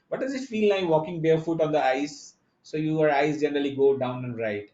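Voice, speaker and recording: A man giving an online conference lecture, explaining step by step and often pausing on fillers and restarts. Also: on the high side. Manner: halting, many fillers and restarts; explanatory, addresses the audience directly. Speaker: conference speaker. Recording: echoey lo-fi online talk audio.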